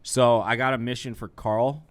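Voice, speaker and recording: A man's voice: medium pitch, flat delivery, moderate pace, smooth. A young man hosting a casual podcast chat, rambling and self-deprecating. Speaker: podcast host.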